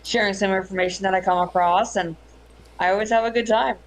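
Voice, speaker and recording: A woman's voice: mid-range voice, steady tone, quick pace, rough recording. A woman guest on a casual livestream chat, friendly and laughing easily. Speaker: regular guest.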